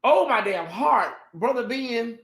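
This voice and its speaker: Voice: mid-range voice, expressive, slow, a bit bright, reverberant. A livestream host doing sassy, dramatic chat commentary and talking straight to the viewers.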